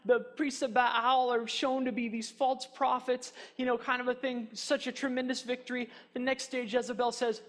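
High-voiced male pastor preaching casually. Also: fairly even intonation, normal speed, hardly any pauses, fairly bright tone, big-room sound. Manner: conversational preaching with rhetorical questions; frequent fillers like "kind of a thing". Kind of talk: sermon.

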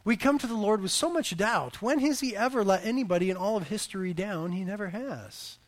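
A man in his thirties, a pastor preaching a sermon and telling family stories in an animated way, his voice swelling for emphasis. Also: high-pitched, quick pace.

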